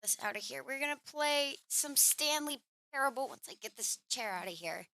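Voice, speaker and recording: Woman streamer, casual chat, talks to her cat, bright tense voice, fairly high, dry close mic. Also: expressive, moderate pace, no echo. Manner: chatty, scolds and coos at her cat. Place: home room.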